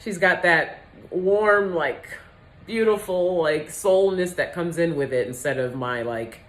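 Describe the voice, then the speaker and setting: A low-voiced woman giving a candid, casual vlog monologue, animated and quick to laugh. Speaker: vlogger.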